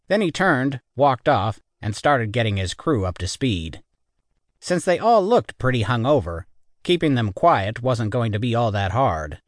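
A man's voice: mid-range voice, big pitch swings, a little slow, no room sound, clean studio sound. A man narrating a military science fiction audiobook in the first person, wry and matter-of-fact.

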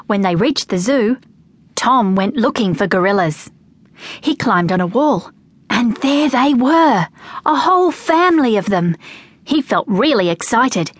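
Woman reading a kids story, lively and expressive, dry close sound. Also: on the high side, a little slow, no room sound. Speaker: audiobook narrator. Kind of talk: children's audiobook narration.

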